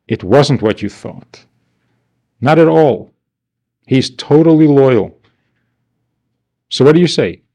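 A man's voice: mid-range voice, dark tone. A man teaching a class, asking rhetorical questions and answering them himself with wry, mock-indignant asides. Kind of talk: class lecture.

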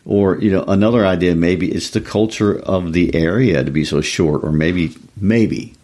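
A man co-hosting a casual literary discussion, talking in a lively, conversational way. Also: sits low, normal speed. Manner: lively, conversational, animated delivery. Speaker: podcast co-host.

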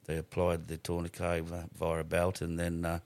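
A man's voice: deep voice, monotone, normal speed, gravelly, darkish tone, no echo. A middle-aged Australian man telling stories on a podcast as a guest, swearing freely and rambling with restarts. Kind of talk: casual storytelling.

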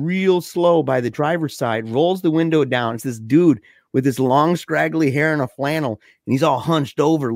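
A young man telling a scary story in a casual way, excited and slangy, saying dude and man a lot. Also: medium pitch, no room sound, studio quality.

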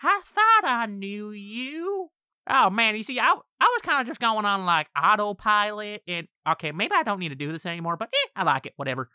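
A woman's voice: mid-range voice, very animated, fairly quick, bright, forceful tone, clear, resonant tone, no room sound, studio quality, voice pushed up. A woman voicing a centuries-old male shapeshifting trickster who talks in a chirpy, teasing way. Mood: gleeful teasing. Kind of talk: tabletop role-play character voice.

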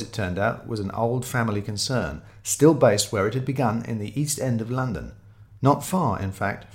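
A man's voice: on the low side, darkish tone. A man reading a first-person mystery story aloud, descriptive and wry in his storytelling. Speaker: narrator.

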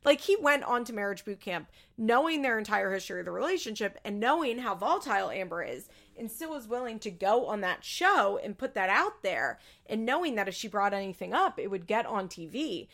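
A woman's voice: mid-range voice, sing-song, brisk, few pauses, a bit bright. A woman chatting casually as a podcast host, opinionated and swearing freely, acting out what others said in bigger voices. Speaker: podcast host recapping a reality show. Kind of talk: casual chat.

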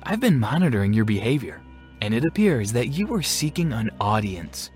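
A man voicing a stern, calm, scheming female school principal who talks in a cold, measured, threatening way, in a storybook reading. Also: mid-range voice, soft background music, close to an everyday voice. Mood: coolly polite.

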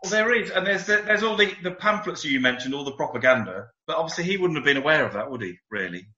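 A man chats as a panel guest with a bright, lively voice. He hesitates and repeats words, and his audio sounds dull and lo-fi. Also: a little high, fast. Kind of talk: casual panel chat.

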